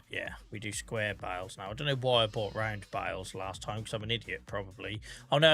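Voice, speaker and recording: Chatty Norfolk man, bright voice. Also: mid-range voice. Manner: chatty, self-deprecating, mutters to himself. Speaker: streamer. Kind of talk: casual gameplay commentary. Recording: faint music in the background.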